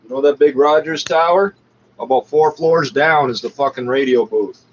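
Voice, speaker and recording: A man's voice: a little high, moderate pace. A man ranting casually over the radio, mocking and swearing as he talks. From Canada. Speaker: commentator talking over a radio broadcast. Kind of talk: casual profane rant. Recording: dull lo-fi recording.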